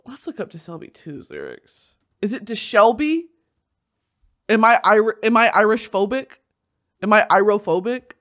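Young woman host, brash and theatrical, wildly lively intonation, uncensored casual chatter. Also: mid-range voice, normal speed. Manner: animated, bursts of shouting and laughter, swears freely. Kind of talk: casual commentary.

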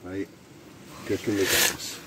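A man with a Scottish accent chatting casually with friends while cooking at a wild camp, animated and joking. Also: low-pitched, slow, heavy background noise. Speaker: vlogger, wild camper. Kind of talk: casual camping vlog chat. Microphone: handheld camera.

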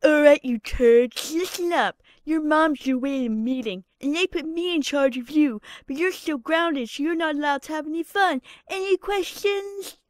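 A woman's voice: high-pitched, moderate pace, dry recording, voice pushed up, lightly acted. A woman voicing a bossy, rude cartoon boy who orders other kids around.

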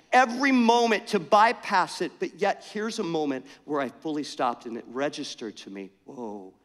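A middle-aged man preaching a sermon, telling an animated, self-mocking story in a conversational way. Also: high voice. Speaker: pastor. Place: church sanctuary. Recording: church hall reverb.

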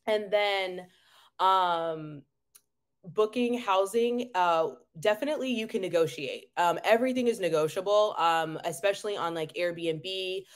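A woman giving casual housing advice as a travel nurse, with many ums and quick restarts. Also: on the low side, smooth. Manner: many ums, laughs lightly, restarts phrases.

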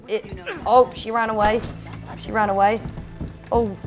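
A man giving excitable, shouty let's-play commentary. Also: high-pitched, normal speed. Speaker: gaming YouTuber. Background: loud game music and sounds.

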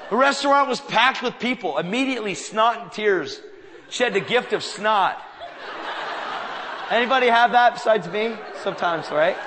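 A man preaches to a live crowd, telling his stories with animated energy and acting out each exchange. His voice is bright and forceful and sits a little high. Long reverb from a large hall trails each phrase. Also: normal speed, slight background noise. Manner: animated, acts out dialogue in anecdotes. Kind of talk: sermon storytelling.

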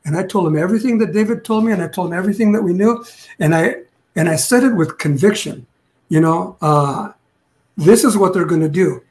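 A man's voice: high-pitched, brisk, a little mellow. An older man, a retired police detective, telling a long story in a casual interview, rambling with restarts and acting out what others said. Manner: rambling, restarts, acts out quotes.

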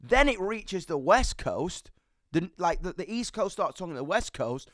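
A man's voice: high-pitched, no echo, clean studio sound. A young man, telling a story with energy and lots of swearing in an interview. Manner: fast, animated, sweary storytelling. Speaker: musician guest. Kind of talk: candid storytelling chat.

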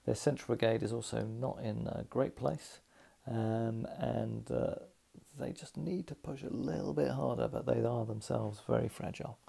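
A man's voice: mid-range voice, fairly even intonation, normal speed, creaky, mellow, breathy edge. A man narrating his own tabletop wargame, working through each dice roll and modifier in a methodical, thinking-aloud way. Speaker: tabletop wargame player narrating a solo game. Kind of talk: casual play-by-play narration.

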